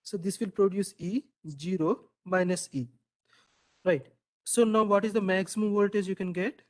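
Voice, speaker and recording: A man's voice: high voice, fairly even intonation, normal speed. A man teaching a classroom lecture, quizzing students, repeating their answers and asking "right?" again and again.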